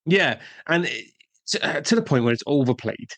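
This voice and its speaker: A man's voice: mid-range voice, expressive, moderate pace, fairly bright tone. A man co-hosting a casual film podcast, rambling as he searches for names and details. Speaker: podcast co-host.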